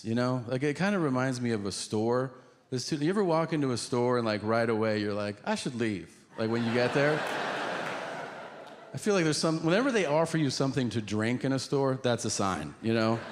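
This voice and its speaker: A male comedian on a stage mic, spinning a story in a loose, rambling way with deadpan asides. His pitch moves around a lot, and the room rings with long reverb over steady ambient noise. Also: a little fast, crowd noise. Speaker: stand-up comedian. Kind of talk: stand-up storytelling. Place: on stage at a live venue. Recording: reverberant venue with noisy ambience.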